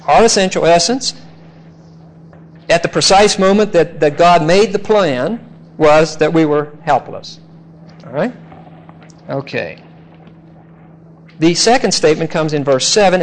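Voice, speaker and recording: A man teaching a Bible passage verse by verse, measured and emphatic, explaining Greek grammar. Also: fairly high pitch, rough recording. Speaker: preacher.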